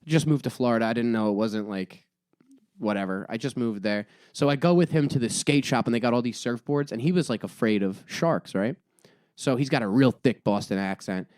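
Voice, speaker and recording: A young man co-hosts a casual podcast, voice sitting at an ordinary middle pitch. He tells loose, joking stories and keeps restarting his sentences. The sound is close and dry, with no room in it. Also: brisk, a little mellow, dry recording. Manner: joking, rambling storyteller with restarts. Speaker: podcast co-host. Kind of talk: casual chat.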